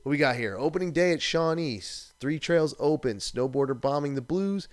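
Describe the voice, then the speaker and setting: A man's voice: a little high, expressive, normal speed. A man hosting a live stream, ranting in a casual, profane, exasperated way.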